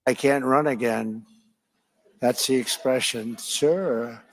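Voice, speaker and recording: A man's voice: medium pitch, steady tone, slow. An older man speaking at a formal event, rambling with offhand asides. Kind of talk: public speech.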